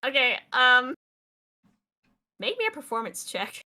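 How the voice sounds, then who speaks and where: A woman's voice: high voice, big pitch swings, measured pace, pushed and bright. A woman narrating a tabletop game as game master, casual, with many fillers.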